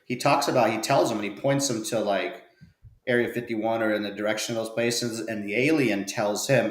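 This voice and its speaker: A man's voice: fairly low pitch, fairly quick. A man hosting a casual veterans' podcast, telling a story in an easygoing way and moving the show along. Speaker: podcast host. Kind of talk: casual chat. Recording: echoey room.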